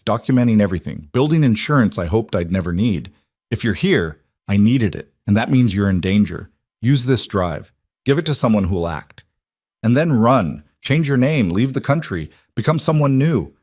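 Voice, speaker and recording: A man's voice: on the low side, a little mellow, no room sound, clean studio sound. A man reading as a remorseful dying father. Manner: earnest, confessional. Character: remorseful father writing a farewell letter.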